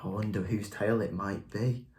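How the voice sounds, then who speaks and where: A woman teacher who reads a picture book aloud to young children, asking coaxing questions and praising answers warmly. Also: a bass voice, fairly even intonation, normal speed, slight background noise.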